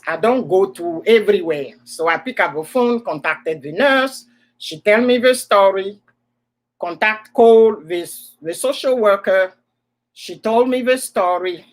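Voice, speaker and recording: A woman's voice: medium pitch, low-quality recording. A woman with an African accent, telling a personal story as a host in a casual chat, repeating words for emphasis.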